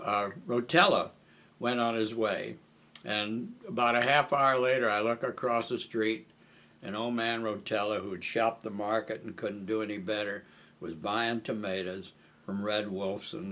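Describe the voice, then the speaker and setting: An older man from Omaha telling stories from memory in an oral history interview, unhurried and pausing often with "uh". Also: fairly low pitch, fairly bright tone. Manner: unhurried, with frequent hesitations. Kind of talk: reminiscing storytelling.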